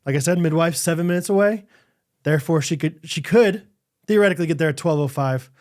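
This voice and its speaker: Animated higher-voiced man telling a story. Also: fast. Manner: animated storytelling, acting out quotes with big pitch jumps and laughs. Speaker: podcast co-host. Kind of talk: casual chat.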